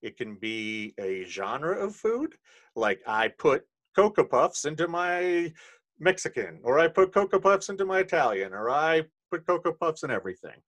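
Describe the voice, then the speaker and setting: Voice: mid-range voice, big pitch swings, moderate pace, a bit bright. A playful host running a party game on a late-night podcast. The voice sits mid-range but swings widely as they tease and quiz their friends. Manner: playful, teasing quizmaster.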